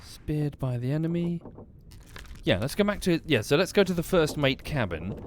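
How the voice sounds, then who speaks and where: A man's voice: fairly high pitch, very animated, normal speed, slight background noise. A man streaming a game, thinking aloud and questioning the characters on screen. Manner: musing aloud, talking to characters. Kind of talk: live game commentary.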